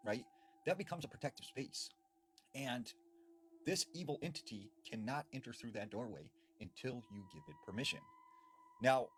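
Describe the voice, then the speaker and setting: A man telling a spooky folklore story in a casual, conversational way, building suspense with pauses and emphasis. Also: mid-range voice, a bit bright, a little hiss or hum. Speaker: horror storyteller. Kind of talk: casual spoken scary storytelling.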